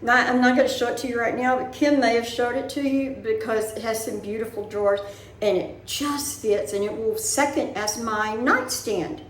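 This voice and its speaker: Talking at a normal speed in a slightly high voice, an older woman vlogs from her living room in a casual chat. She rambles while working through her worries, and the recording sounds roomy with some light background noise.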